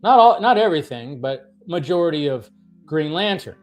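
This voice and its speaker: A man's voice: on the high side, animated, moderate pace, darkish tone, faint music behind. A man hosting a livestream, ranting casually with many fillers and restarts, sounding exasperated. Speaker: livestream host.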